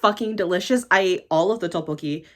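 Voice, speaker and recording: A woman's voice: lowish voice, fast talker. A woman vlogger talking to camera in a casual, exasperated rant, swearing constantly and speaking bluntly. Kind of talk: casual ranting monologue to camera.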